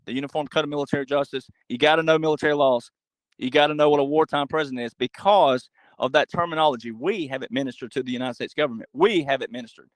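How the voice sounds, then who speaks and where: A man speaking as a podcast guest in an animated monologue, emphatic and full of rhetorical questions. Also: on the high side, dry recording, rough recording. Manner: acts out quoted voices.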